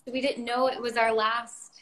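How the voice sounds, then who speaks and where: A young adult actress in casual chat, blunt and clipped, often trailing off mid-sentence. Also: female voice, fairly high pitch, flat delivery, normal speed, a loud crowd. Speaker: actress guest. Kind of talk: casual chat among actors. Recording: loud background noise with clicks.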